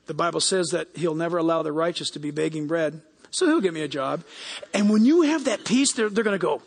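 A man preaching a sermon as pastor, animated and acting out the people he quotes. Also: on the high side, brisk, husky. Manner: animated, acts out quoted people in raised voices. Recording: long hall reverb.

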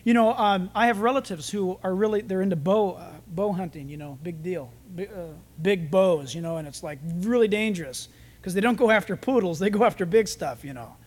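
A man's voice: high voice, fairly quick. A male pastor giving a sermon, telling stories and jokes in a conversational way.

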